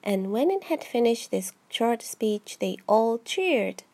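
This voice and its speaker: A woman's voice: a little high, very animated, takes it slowly, a little mellow. A woman with a head cold, reading a children's book aloud in English, with frequent slips and restarts. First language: Japanese. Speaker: amateur reader.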